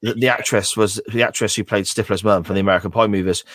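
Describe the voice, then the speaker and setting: A man's voice: lowish voice, steady tone, fast, a bit bright, no echo, studio quality. A man co-hosting a podcast in casual chat, blunt, jokey and opinionated. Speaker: podcast co-host.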